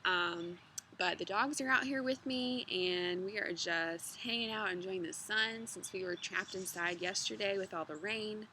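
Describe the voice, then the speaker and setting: A woman in her thirties reading a children's book aloud outdoors, chatty and relaxed between passages. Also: medium pitch, a little slow, a little hiss or hum. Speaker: storybook reader. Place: outdoors in a yard with dogs.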